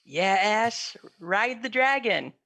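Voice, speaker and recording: A woman's voice: medium pitch, lively intonation, slow, pushed and bright. A woman playing a tabletop game, chatting casually and playfully with frequent laughs. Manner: playful and giggly. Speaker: player.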